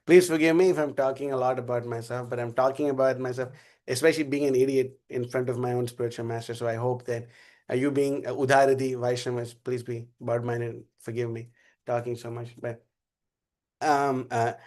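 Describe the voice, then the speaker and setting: A man's voice: mid-range voice, fairly even intonation, brisk, a little mellow. A man giving a casual spiritual class, telling a rambling story with frequent laughter. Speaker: class speaker.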